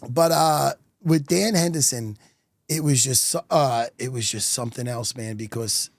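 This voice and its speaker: A middle-aged man telling stories as a podcast guest, animated and profane. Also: medium pitch, normal speed, gravelly, no echo. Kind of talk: casual podcast chat.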